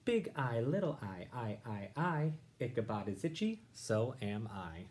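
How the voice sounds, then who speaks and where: A man teaching young listeners, reading a rhyming picture book aloud and explaining it in a gentle, encouraging way. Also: mid-range voice, big pitch swings, a little slow. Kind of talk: read-aloud lesson.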